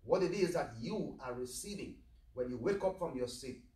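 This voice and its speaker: Male priest, mid-pitched, earnest homily, roomy chapel, mic far off. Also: animated, moderate pace, warm tone. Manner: plain, earnest, asks the flock questions. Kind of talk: sermon. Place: chapel of a medical center.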